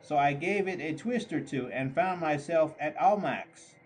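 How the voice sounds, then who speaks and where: Slow, measured male audiobook reader. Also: a little high, a little hiss or hum, rough recording. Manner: slow, deliberate storybook delivery. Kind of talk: scripted narration.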